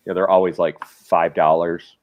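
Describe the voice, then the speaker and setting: A man talking as a livestream guest, animated and quoting himself and his toys in little voices. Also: deep voice, moderate pace, dull audio. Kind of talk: casual livestream chat.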